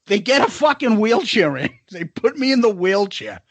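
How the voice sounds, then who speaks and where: A man co-hosting a podcast, telling a story in casual chat, animated and profane, acting out the people in it. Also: sits high, moderate pace, dry recording. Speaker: podcast co-host.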